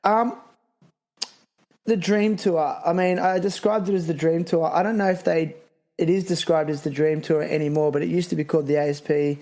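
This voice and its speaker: A man's voice: a little high, fairly even intonation, moderate pace, a little mellow. A man hosting a podcast interview, reading sponsor spots and chatting in laid-back surfer slang. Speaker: podcast host. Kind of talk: casual interview.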